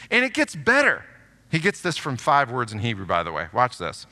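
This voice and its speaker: A man preaching a sermon as pastor, animated and reading scripture aloud with strong emphasis in a church. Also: mid-range voice, a little fast. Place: church sanctuary. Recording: long hall reverb.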